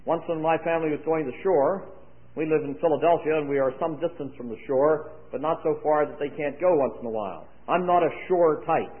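A man preaching a sermon to young people at a conference, with dry humorous asides. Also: fairly high pitch. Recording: tinny lo-fi, phone-like sound.

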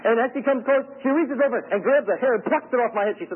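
A middle-aged man preaching with a high, lively voice that climbs and drops as he tells stories. His tone is husky, and the recording sounds thin and phone-like with a low hum under it. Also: quick pace. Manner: animated, storytelling, swings between loud and hushed. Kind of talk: sermon.

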